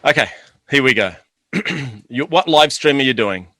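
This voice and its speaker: A man telling lively stories as a podcast guest, acting out the scenes as he goes. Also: mid-range voice, normal speed, no room sound. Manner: animated, laughing storyteller acting out scenes. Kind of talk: podcast interview, anecdotal storytelling.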